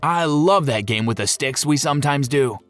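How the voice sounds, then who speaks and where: A man's voice: mid-range voice, expressive, normal speed, a bit bright, dry recording, faint music behind, close to an everyday voice. A man voicing an overexcited pet dog who gushes in breathless exclamations. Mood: excited.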